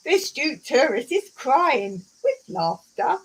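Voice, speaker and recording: A woman's voice: high voice, very animated, takes it slowly, poor audio. A woman hosting a casual live stream from home, telling jokes and reading viewer comments aloud with frequent giggles.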